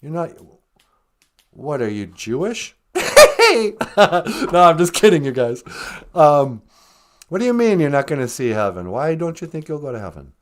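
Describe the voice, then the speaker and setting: A man's voice: a little high, sing-song, normal speed. A man hosting a comedic live-stream podcast, joking casually and laughing at his own gags. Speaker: podcast host.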